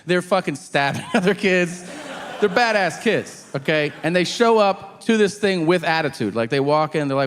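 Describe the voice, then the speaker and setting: A man telling a stand-up story on a club stage into a handheld mic, animated and laughing at his own jokes. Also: on the high side, moderate pace, in a large hall, slight background noise. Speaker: stand-up comedian. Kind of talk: stand-up comedy.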